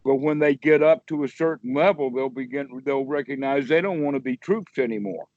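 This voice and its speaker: A man's voice: medium pitch, brisk, a little mellow, no echo. A man, a meditation teacher, explaining in a rambling, folksy way during a casual one-on-one chat over a video call. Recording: dry, dull lo-fi call audio.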